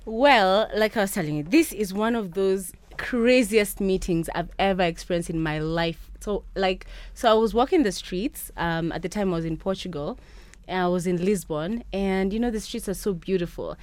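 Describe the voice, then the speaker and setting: A young woman from Kenya, a guest in a radio studio, telling stories in a chatty, animated way. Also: medium pitch, normal speed, no room sound. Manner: chatty, animated storytelling with quoted voices. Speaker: podcast host and interview guest.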